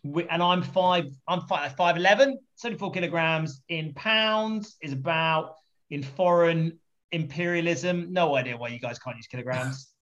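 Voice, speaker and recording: A man being interviewed as a podcast guest, telling anecdotes in a lively, jokey way with swearing and laughter, in a muffled lo-fi recording. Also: a little high, normal speed.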